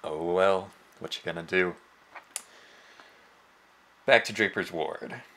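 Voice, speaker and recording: A man's voice: low-pitched, slow, pushed and bright, slight background noise. A young man narrating his gameplay, joking and self-mocking with rambling asides. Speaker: let's play host. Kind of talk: gameplay commentary.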